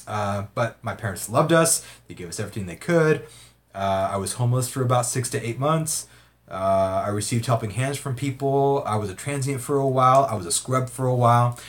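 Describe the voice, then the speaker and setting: A man's voice: mid-range voice, moderate pace. A man hosting a casual livestream, reading viewer comments aloud in a rambling way, often laughing and swearing.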